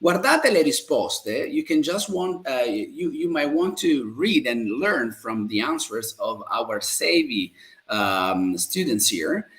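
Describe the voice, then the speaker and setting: A man from Italy with an Italian accent, teaching Italian in a live-streamed lesson, repeating phrases slowly and staying upbeat and positive. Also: mid-range voice, sing-song, a bit bright. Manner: slow, drawn-out model phrases repeated for learners.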